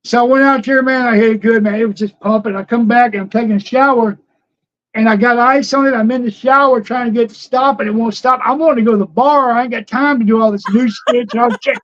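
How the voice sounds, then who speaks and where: A man's voice: extremely high pitch, steady tone, fast talker, a bit bright, lo-fi sound. An older man, a former wrestler, telling rambling anecdotes as a guest in a casual interview, laughing often.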